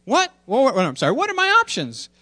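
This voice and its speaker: Brief: male pastor voicing a high-pitched scheming cartoon girl, eager and quick. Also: huge pitch swings, sharp tone, dry recording, full character voice. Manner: eager, rapid, questioning.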